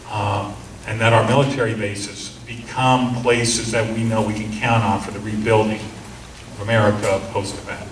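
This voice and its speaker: A middle-aged man giving a seminar talk, telling a story in an earnest way and acting out the officers he quotes. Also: mid-range voice. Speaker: seminar speaker. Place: seminar room. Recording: roomy, distant mic, faint hum.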